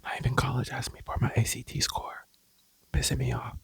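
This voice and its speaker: A young adult of about twenty talking in a breathy whisper through a mukbang ASMR video, casual and blunt, swearing and rambling between bites. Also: medium pitch, little pitch movement, brisk, no echo, rough recording. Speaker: mukbang vlogger.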